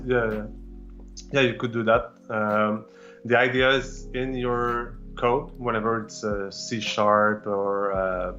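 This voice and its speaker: A man's voice: on the low side, sharp tone, lo-fi sound. A man whose first language is French, presenting a live technical demo with many fillers and restarts.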